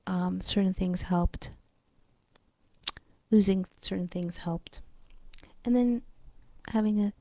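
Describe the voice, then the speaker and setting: A woman's voice: mid-range voice, slow pace, long pauses, warm tone. A woman vlogger chatting casually, rambling and blunt, swearing freely and drifting into asides. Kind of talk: casual chat.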